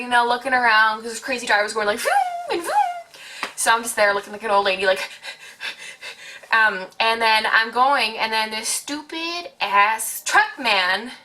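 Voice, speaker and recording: A woman in her late teens telling a casual storytime on her vlog, chatty and animated, full of "like". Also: fairly high pitch. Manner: chatty, heavy use of "like", animated retelling. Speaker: vlogger.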